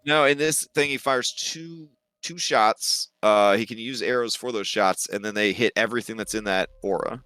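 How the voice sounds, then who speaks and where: A man's voice: fairly low pitch, normal speed, few pauses, bright, forceful tone, smooth, no room sound. Young man running a tabletop game. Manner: hesitant, filler-heavy, chuckling. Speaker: game master.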